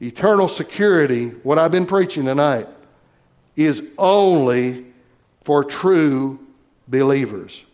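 A man preaching a sermon in an emphatic, measured way, slowing down to stress key phrases. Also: a little high, expressive, darkish tone, highs cut off.

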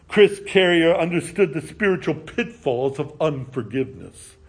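A middle-aged male pastor preaching a sermon in a slow, measured way, letting his phrase endings drop low and soft. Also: sing-song, creaky, husky.

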